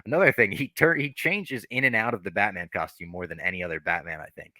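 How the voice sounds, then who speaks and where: A man's voice: on the low side, fast, pushed and bright, dry recording. A man hosting a podcast, reviewing a movie in casual chat, enthusiastic and profane. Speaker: podcast host.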